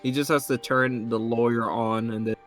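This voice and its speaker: A man's voice: mid-range voice, fairly even intonation, normal speed. A man chatting casually on a stream, making laid-back comments. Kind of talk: casual chat. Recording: live stream with faint music.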